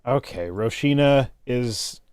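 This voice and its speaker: A man's voice: mid-range voice, lively intonation, takes it slowly, darkish tone, smooth, dry recording, studio quality. A man hosting a charity livestream, chatting loosely, swearing and reading out donations on a home streaming mic. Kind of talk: casual livestream chat.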